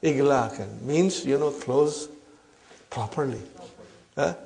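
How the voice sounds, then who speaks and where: A man's voice: mid-range voice, takes it slowly, creaky, a little mellow. A middle-aged man teaching Arabic grammar to a class, often ending points with a questioning "huh?" and addressing the students as brothers and sisters. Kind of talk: classroom lesson.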